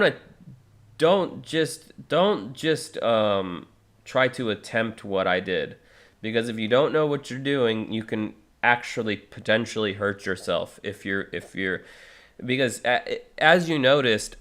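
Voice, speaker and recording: A man in his thirties with a medium-pitched, clean, slightly bright voice rambles through casual live-stream chat. Fillers and restarts abound, and he occasionally breaks into harsh vocal demonstrations.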